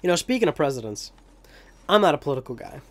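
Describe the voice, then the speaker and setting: A man's voice: on the high side, very animated, fast. Rambling young man on game commentary. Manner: rambling, joking, profane asides. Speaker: let's play commentator. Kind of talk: casual gameplay commentary.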